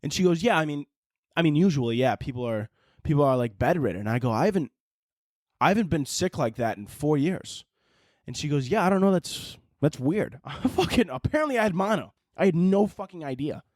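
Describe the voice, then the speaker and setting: A young man hosting a podcast, ranting profanely and swinging between yelling and mumbling. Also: on the high side, animated, brisk, dry recording, clean studio sound. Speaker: podcast host. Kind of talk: casual comedic rant.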